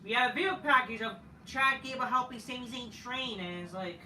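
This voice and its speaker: A man's voice: extremely high pitch, brisk, bright, forceful tone, echoey room, distant mic, a little hiss or hum, rough recording. A man ranting through a casual wrestling show review, profane and exasperated, rambling from one gripe to the next. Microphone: camera mic at a distance.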